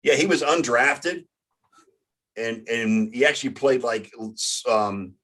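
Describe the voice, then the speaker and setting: A man hosting a casual sports talk show, halting and often stumbling over his words. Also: medium pitch, expressive, a bit bright. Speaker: sports podcast host.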